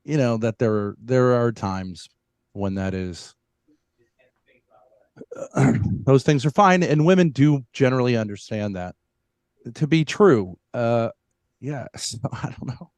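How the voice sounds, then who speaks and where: Halting debate panelist full of hesitations. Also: male voice, mid-range voice, expressive, a little mellow, clear, resonant tone, no echo. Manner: halting, full of fillers and restarts. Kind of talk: heated debate.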